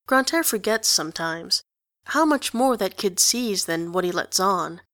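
A woman narrating a story in an even, conversational reading. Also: medium pitch, measured pace, dry recording, clean studio sound. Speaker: reader. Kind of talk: audiobook narration of fan fiction.

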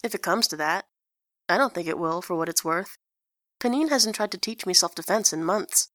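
A woman's voice: lowish voice, moderate pace, fairly bright tone, no echo, studio quality, close to an everyday voice. A woman voicing a brash, cheeky teenage boy who swears bluntly. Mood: muttering.

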